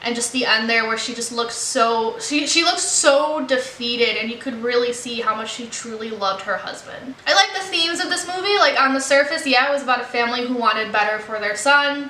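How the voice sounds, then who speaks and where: A woman's voice: fairly high pitch, bright, forceful tone. A young woman in a casual film review, chatty and earnest, with lots of "like" and "you know" fillers. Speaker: movie reaction vlogger. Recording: roomy echo.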